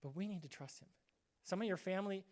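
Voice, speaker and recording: A man's voice: high voice, fast, darkish tone. A male pastor giving a casual, conversational sermon, acting out short quoted voices now and then.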